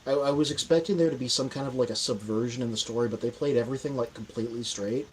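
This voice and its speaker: A man's voice: medium pitch, quick pace, a little hiss or hum, low-quality recording. A young man co-hosting a casual podcast chat, stammering through his openings and laughing at his own remarks. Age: young adult. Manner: stammering, self-amused. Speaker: podcast co-host.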